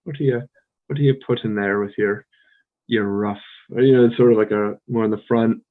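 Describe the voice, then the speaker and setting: An American man co-hosting a podcast, chatting casually with a relaxed, rambling manner full of fillers and restarts. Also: on the low side, a little fast, phone-quality sound. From United States. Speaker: podcast co-host. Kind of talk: casual conversational chat.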